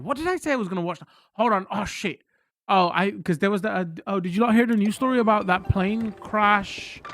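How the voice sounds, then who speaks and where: A streamer chatting casually to a live chat while gaming, rambling and correcting themselves, breaking into sudden excited bursts. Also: medium pitch. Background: game music.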